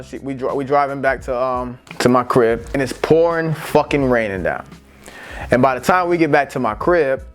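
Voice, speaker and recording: A man with an American accent, telling a story in a casual, profane and animated vlog. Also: medium pitch. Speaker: vlogger.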